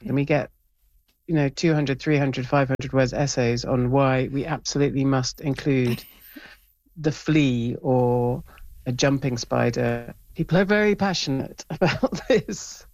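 A woman's voice: a bass voice, measured pace, a little mellow, dry recording, lo-fi sound. A woman newspaper editor, speaking as an interview guest in casual, enthusiastic, rambling chat.

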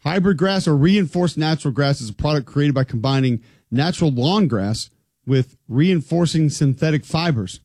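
A man co-hosting a casual sports talk show, reading facts aloud in a deadpan way. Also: on the high side, normal speed, dry recording, clean studio sound.

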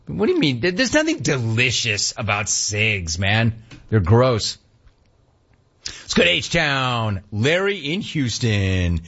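A man in his fifties hosting a call-in talk radio show, ranting with animated energy and mocking voices. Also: takes it slowly, highs cut off. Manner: animated ranting, mocks cheerful clerks in a high voice. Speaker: radio talk show host taking calls.

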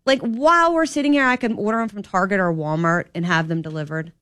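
Woman, talk radio host, animated opinionated monologue, medium pitch, dry studio sound. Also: fast, no room sound. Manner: chatty, animated, rising to emphatic indignation. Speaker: fill-in radio show host.

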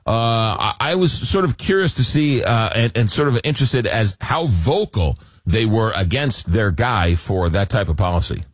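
A man's voice: fairly low pitch, lively intonation, normal speed, no room sound, studio quality. A man hosting a talk radio show, chatty and jokey, often repeating words as he goes.

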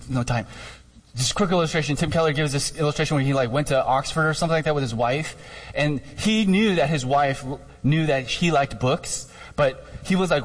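A man's voice: a little high, fairly bright tone. A man giving a casual, emphatic sermon as a pastor, talking conversationally with lots of fillers. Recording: reverberant hall.

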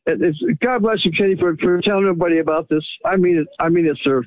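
A man's voice: sits high, steady tone, quick pace, no echo. A man calling in to a radio show, stammering and effusively grateful. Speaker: caller. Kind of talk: phone-in call.

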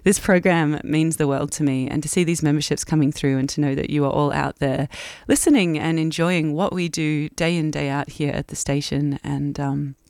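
A woman's voice: deep voice, fairly even intonation, moderate pace, a little mellow, dry recording. A woman with an Australian accent hosting a breakfast radio show from a studio, chatting casually and emotionally, laughing often. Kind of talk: casual on-air chat. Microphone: studio microphone.

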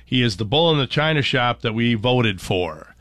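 A man's voice: medium pitch, expressive, normal speed, a bit bright, no room sound. A man hosting a morning radio show in a studio, chatting casually and rambling with lots of fillers and restarts.

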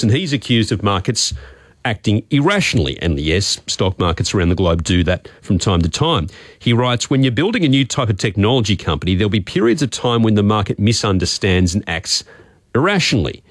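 An Australian man delivering a market update on radio in an explanatory tone. His voice is on the low side. The sound is dry and close. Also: sing-song, fairly quick, no echo. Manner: informative, with occasional restarts. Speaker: finance reporter.

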